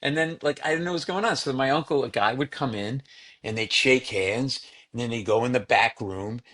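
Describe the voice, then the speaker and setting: Animated man telling family stories. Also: medium pitch, brisk. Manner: animated storyteller, acts out voices of relatives. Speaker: comedian guest. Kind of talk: storytelling in casual chat.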